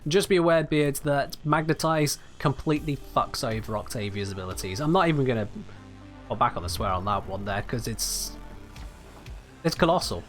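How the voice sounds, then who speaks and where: A man's voice: mid-range voice, animated, normal speed, soft background music. A man from England, chatting casually and wryly to his livestream chat while playing a game. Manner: chatty, wry, reads out and answers chat. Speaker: streamer.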